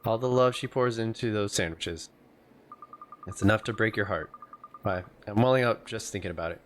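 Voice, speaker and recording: A man's voice: fairly low pitch, moderate pace, a little hiss or hum, close to an everyday voice. A man reading as a gossipy old neighbor woman. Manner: gossiping, fussy and sympathetic. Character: gossipy elderly woman neighbor, fussing and chatty. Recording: game music playing behind.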